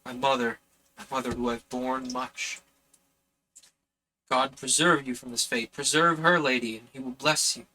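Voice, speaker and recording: A man's voice: medium pitch, steady tone, measured pace, pauses often, pushed and bright, rough recording. A man reading as a desperate pleading young woman. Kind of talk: reading a letter aloud from a novel.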